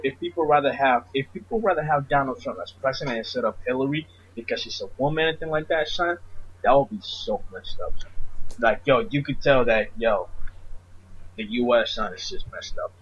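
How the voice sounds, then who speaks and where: A young man with a husky voice hosting a casual podcast, dropping "son" into nearly every line and stumbling through restarts. The recording sounds dull and lo-fi. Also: mid-range voice, fairly bright tone. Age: young adult. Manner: slangy, says "son" constantly, repetitive restarts. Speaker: podcast host. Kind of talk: casual chat.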